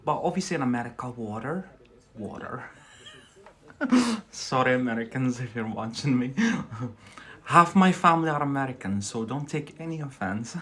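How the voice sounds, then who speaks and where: A man from Scotland with a Scottish accent, teaching English on a live stream, slow and explanatory, often adding "yeah?" to check his viewers follow. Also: medium pitch, sing-song, fairly bright tone.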